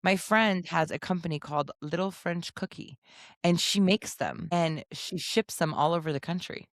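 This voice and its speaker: A woman's voice: fairly low pitch, normal speed, no room sound, clean studio sound. A woman in her thirties co-hosting a casual podcast, teasing and telling stories with animation. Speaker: podcast co-host. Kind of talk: casual chat.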